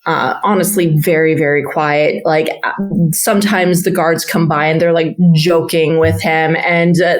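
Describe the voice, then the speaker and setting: A woman narrating a tabletop game as game master, unhurried with many fillers. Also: deep voice, fairly even intonation.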